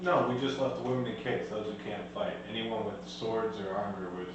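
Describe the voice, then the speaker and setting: A man with a lowish voice rattles off quick jokes and plans at the table. He sounds distant in a very echoey room, with a clear hum behind him. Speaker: player. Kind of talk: casual tabletop play.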